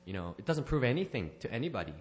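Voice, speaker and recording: A man's voice: medium pitch, big pitch swings, racing. A man sharing a personal testimony at church, rambling and correcting himself, with small laughs. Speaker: church member giving a testimony.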